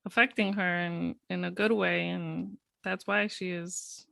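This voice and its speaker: A woman co-hosting a parenting podcast in casual chat, agreeable and quick to laugh. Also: lowish voice, fairly even intonation, gravelly, fairly bright tone, no echo.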